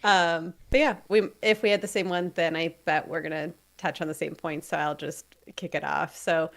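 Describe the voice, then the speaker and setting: Female podcast co-host, lower voice, chatty and explanatory. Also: fairly even intonation, normal speed, vocal fry, a bit bright. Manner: chatty, laughs easily, explains news step by step. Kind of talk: casual chat.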